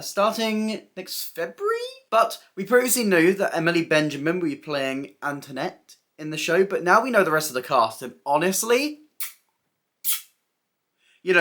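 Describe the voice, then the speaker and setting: A woman's voice: on the low side, fairly bright tone. Chatty young woman recapping theatre news. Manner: chatty, playful, giggly asides. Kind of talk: casual scripted news recap.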